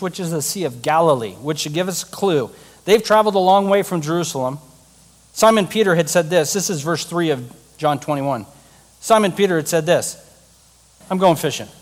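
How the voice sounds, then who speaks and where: Male preacher, fairly high voice, animated storytelling, acts out scenes, long hall reverb. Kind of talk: storytelling sermon.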